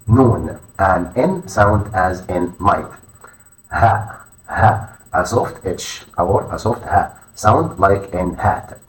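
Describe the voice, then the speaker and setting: A man teaching a language lesson, saying each letter name slowly and deliberately, often twice. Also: fairly low pitch. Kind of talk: instructional lesson narration. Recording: echoey room, voice far from mic.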